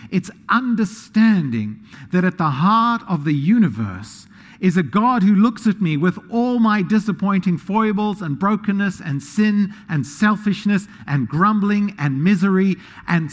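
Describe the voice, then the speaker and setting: A man preaching a sermon as pastor, animated and self-deprecating, moving into a quiet prayer. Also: sits high. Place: church sanctuary. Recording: long hall reverb.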